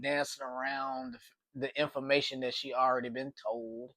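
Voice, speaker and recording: A man telling a story casually, at a mid pitch. He rambles, restarts and repeats himself as he goes. The sound is dry and close-miked. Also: flat delivery, moderate pace, a bit bright, dry recording.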